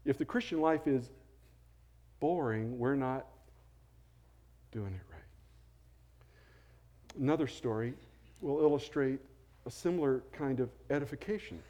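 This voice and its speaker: A middle-aged man, a pastor, telling stories in a sermon in a conversational way, going soft and low when he quotes people. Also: measured pace, long pauses. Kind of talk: storytelling sermon.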